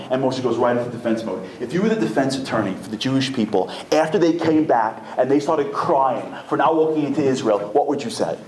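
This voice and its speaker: A man's voice: medium pitch, darkish tone. Guy giving a lecture, jokes, does the voices, echoey hall, faint hum behind. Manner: comic, acts out quoted voices, rapid storytelling. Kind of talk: animated religious lecture. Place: packed synagogue hall.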